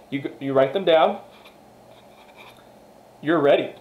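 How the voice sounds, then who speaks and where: A man's voice: fairly high pitch, takes it slowly, long pauses, narrow, tinny audio. Emphatic man in an echoey room. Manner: emphatic, repetitive, swears freely, talks straight to viewers. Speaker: motivational vlogger. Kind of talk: casual motivational monologue.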